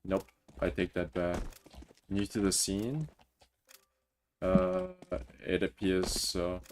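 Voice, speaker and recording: Very deep-voiced chatty streamer man. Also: big pitch swings, slow pace, vocal fry, background noise. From Mauritius. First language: French. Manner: chatty, reads chat aloud and answers it. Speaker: game streamer. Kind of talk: casual livestream chat. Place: home room, Toronto.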